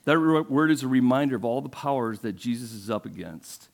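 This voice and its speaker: A man's voice: mid-range voice, lively intonation, fairly quick, creaky. Man preaching a storytelling sermon. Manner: conversational storytelling, asks the congregation questions. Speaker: pastor.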